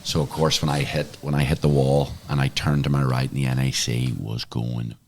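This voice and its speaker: A man's voice: a bass voice, little pitch movement, normal speed, a little mellow, slight background noise. A man, a former swimmer, telling stories chattily as a podcast guest. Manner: chatty storyteller, many fillers. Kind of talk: casual interview chat.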